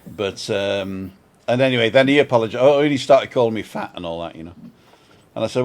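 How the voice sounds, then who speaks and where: A man's voice: fairly low pitch, brisk. Older man rambling through a story. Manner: rambling storyteller, chuckling, self-mocking. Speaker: vlog co-host. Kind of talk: casual chat on a live stream. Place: home balcony.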